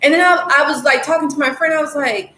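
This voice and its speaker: A fairly high-voiced woman chats loosely on a live stream, meandering through stories with plenty of "um" and "you know". The room around her rings with echo, and a faint hiss sits under her voice. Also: fast, pushed and bright. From United States. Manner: rambling, lots of fillers, laughs often. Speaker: life coach hosting a live stream. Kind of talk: casual live-stream chat reading viewer comments. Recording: echoey room with faint noise.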